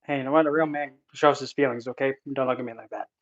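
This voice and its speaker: In a casual vlog with dull lo-fi sound and faint noise, a man unboxes his self-published book. His mid-range voice is steady, fast, and a bit bright as he exclaims, nervous and emotional.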